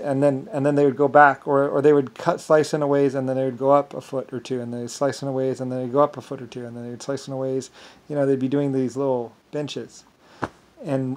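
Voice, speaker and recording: A man telling a rambling, boastful story, halting often with fillers and restarts. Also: medium pitch, a little mellow. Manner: boastful, grandiose. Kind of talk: rambling monologue.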